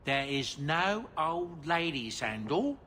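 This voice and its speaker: A man's voice: a little high, very animated, slow pace, sharp tone, a little hiss or hum, heavily acted. An actor playing an aging dwarf manservant in a game, chatty and fatherly, rambling along with chuckles. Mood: fond. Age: older.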